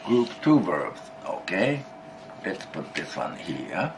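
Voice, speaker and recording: A man's voice: deep voice, sing-song, slow pace, background noise. A man teaching a Japanese grammar lesson in English, explaining patiently, repeating key phrases and prompting his student to answer.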